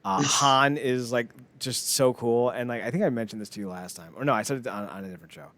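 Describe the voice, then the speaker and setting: A man's voice: medium pitch, fast talker, fairly bright tone. A man co-hosting a podcast, chatting in a rambling, jokey way and laughing often. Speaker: podcast co-host. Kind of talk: casual chat.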